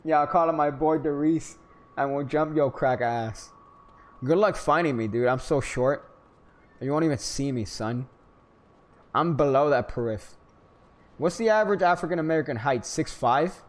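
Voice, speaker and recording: A young man from Florida giving casual gameplay commentary, rambling and joking, with sudden loud hyped outbursts. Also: fairly high pitch, moderate pace. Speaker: gaming streamer.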